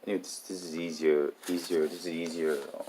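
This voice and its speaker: Deep-voiced man talking haltingly over noise. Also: little pitch movement, warm tone. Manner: halting, restarts and repeats words. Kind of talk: casual monologue.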